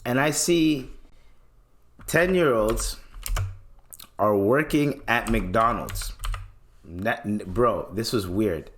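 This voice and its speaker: A young man from Canada hosting a solo podcast, rambling in a relaxed way with lots of slang and swearing. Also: mid-range voice, slight background noise. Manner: laid-back, swears often, slangy, rambling. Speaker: podcast host. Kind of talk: casual solo podcast talk.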